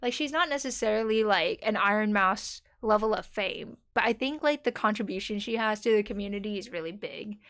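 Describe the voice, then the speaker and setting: A woman's voice: medium pitch, a little fast, hardly any pauses, a bit bright, clear, resonant tone. A young woman streamer chatting casually with her viewers, rambling and giggling and dropping playful slang.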